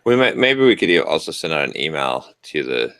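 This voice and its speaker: A man's voice: a bass voice, very animated, fairly quick, fairly bright tone, no room sound, studio quality. A man co-hosting a podcast in casual chat, speaking hesitantly with restarts and trailing sentences. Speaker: podcast co-host.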